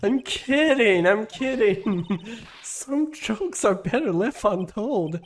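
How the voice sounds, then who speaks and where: A woman's voice: medium pitch, animated, slow, a little hiss or hum. A woman giving playful, casual game commentary, reading dialogue aloud and laughing often. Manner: laughs a lot, playful and swears. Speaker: let's-play host.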